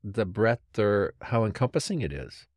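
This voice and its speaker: A man, a pastor and podcast host, chatting casually and thinking out loud as he tells stories. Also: fairly low pitch, very animated, normal speed, dry recording, clean studio sound. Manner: storytelling, thinks out loud with restarts. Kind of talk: casual theological chat.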